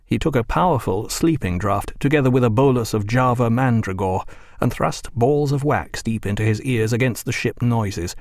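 Male audiobook narrator, measured, mid pitch, dry booth. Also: a little mellow, dry recording. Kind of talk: scripted narration.

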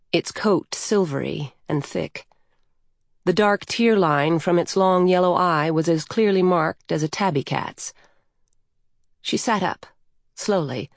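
A woman narrating a story aloud in a calm, even storytelling manner. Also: on the low side, no room sound, clean studio sound.

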